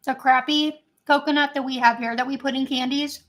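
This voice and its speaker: A chatty woman with a high, light voice, talking fast and loosely on a home live stream. She rambles and giggles between thoughts, casual and unscripted. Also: fairly even intonation, fairly bright tone. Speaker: vlogger.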